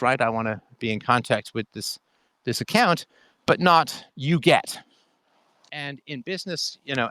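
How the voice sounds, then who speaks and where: A man's voice: medium pitch, fairly bright tone, no room sound. Middle-aged guy hosting a call-in show, lecturing a caller with little quoted bits, dry close mic. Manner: explains with repeated catchphrases and quoted examples. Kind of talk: conversational monologue to a caller.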